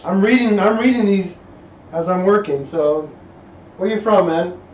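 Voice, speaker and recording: A man chats casually into a live stream while he works on an engine, reading viewer messages aloud and wandering off mid-thought before starting over. His voice sits a little high for a man and sounds distant from the mic. The garage around him is echoey, the sound dull and muffled, with a faint hum in the background. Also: normal speed. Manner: rambling, reads chat aloud, trails off and restarts. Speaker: livestream host working on an engine.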